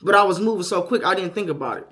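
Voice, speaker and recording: A young man talking candidly to camera as a first-time father, frank and profane, moving from quiet self-doubt to loud, animated storytelling. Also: high-pitched, racing.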